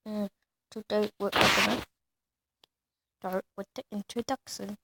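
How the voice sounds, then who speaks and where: Slow, gravelly-voiced woman ranting. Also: mid-range voice, little pitch movement, very noisy. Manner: mocking, giggly, rambling. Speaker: video creator. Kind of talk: casual reaction rant.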